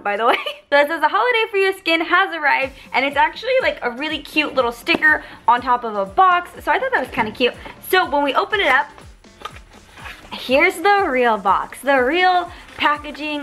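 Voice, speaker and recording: A bright, high-pitched young woman from the United States, bubbly and chatty as she reviews a beauty product on her vlog. Soft music plays faintly underneath. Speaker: beauty vlogger.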